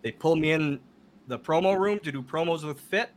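A man guest on a podcast, telling casual stories in an animated way. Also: fairly high pitch, fairly quick. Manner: animated, laughing storyteller. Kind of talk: casual storytelling.

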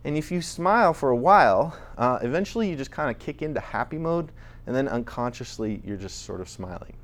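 Guy giving a laid-back talk to a group, mid-pitched, chatty, restarts a lot. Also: expressive, brisk. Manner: chatty, conversational, with frequent restarts. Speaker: presenter. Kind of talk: casual lecture on voice recording.

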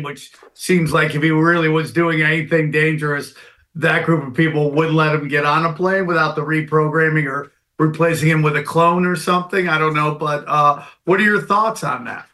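A man's voice: on the high side, fairly even intonation, fairly quick, pushed and bright. A man hosting a panel podcast, loose and jokey as he poses questions. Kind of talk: casual panel talk.

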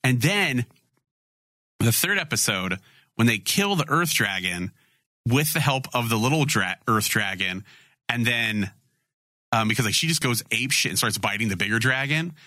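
A man hosting a casual anime podcast, animated, swearing and acting out scenes. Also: mid-range voice, normal speed, no echo, studio quality. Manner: animated, swears, acts out scenes in funny voices. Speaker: podcast host.

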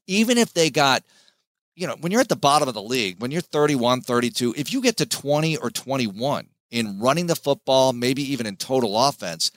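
A man, a sports play-by-play announcer, giving an animated, emphatic interview as a podcast guest. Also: medium pitch, no echo.

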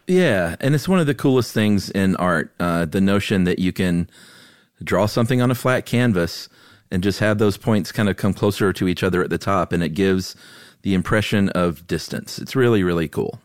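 Deep-voiced laid-back male co-host. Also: lively intonation, no room sound, studio quality. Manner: laid-back, folksy, drawn-out. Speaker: podcast co-host. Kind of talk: casual explanatory chat.

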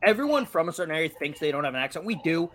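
A man's voice: on the high side, very animated, rapid-fire, a bit bright. A young man from Massachusetts with a light local accent, co-hosting a podcast in casual, joking chat and swearing freely. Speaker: podcast co-host.

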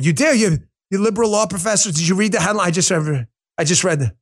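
Combative high-pitched male talk host. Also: big pitch swings, fairly quick. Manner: combative, sarcastic, emphatic; talks straight to listeners, rhetorical questions. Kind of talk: political commentary show.

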